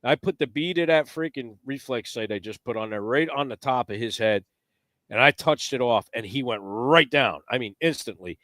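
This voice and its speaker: A man telling a hunting story in casual podcast chat, animated and profane, acting out the quotes. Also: mid-range voice, normal speed, no room sound, clean studio sound. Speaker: podcast guest.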